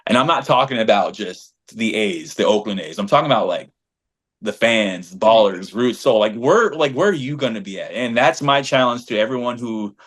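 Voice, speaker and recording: Blunt, animated man telling stories. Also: on the low side, normal speed. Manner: animated storyteller, slangy and blunt. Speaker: fan group leader and podcast co-host. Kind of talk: casual podcast chat.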